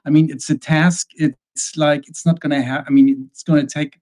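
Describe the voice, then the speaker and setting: A man's voice: fairly high pitch, little pitch movement, a little fast, a little mellow. A man from Germany on a roundtable panel, speaking in an earnest, formal way. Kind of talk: casual roundtable chat.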